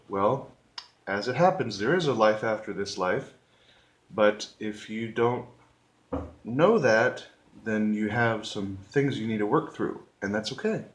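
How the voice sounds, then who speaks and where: Earnest male vlogger, unhurried and emphatic, mid-pitched, roomy echo. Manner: slow, earnest, with emphatic repetitions. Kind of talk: reflective talk to camera.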